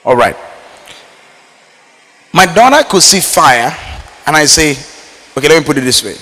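Nigerian-born male preacher, high bright voice, animated sermon delivery with loud peaks and hushed asides, echoing hall. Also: moderate pace. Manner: animated preaching, swinging from loud emphatic lines to low quiet asides. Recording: reverberant hall.

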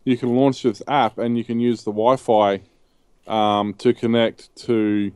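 A man's voice: medium pitch, little pitch movement, unhurried, a little mellow, clear, resonant tone, dry recording. An Australian man co-hosting a casual chat, telling rambling anecdotes full of ums and restarts. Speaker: co-host.

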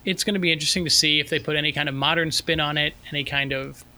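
A man co-hosting a casual podcast, giving wry, good-natured criticism in a relaxed way. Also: a little high, racing. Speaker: podcast co-host.

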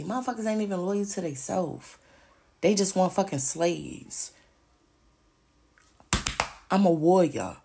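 Gravelly low-voiced woman ranting profanely. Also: darkish tone. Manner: profane, heated ranting delivery. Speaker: podcast host. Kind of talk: solo podcast rant.

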